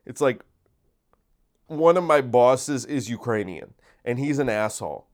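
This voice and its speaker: An energetic man talks through a casual solo podcast. His voice sits at a middle pitch, and he rambles loosely with deadpan mock voices tucked in. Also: measured pace. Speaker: podcast host and comedian.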